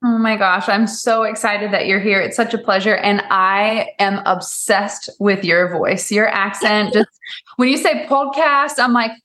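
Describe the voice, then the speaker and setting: A woman speaks as a podcast guest, animated and unguarded. She swears freely and acts out quoted voices in her stories. Her pitch sits in the ordinary middle range for a woman. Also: measured pace. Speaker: guest, salon owner and coach. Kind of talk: casual podcast interview.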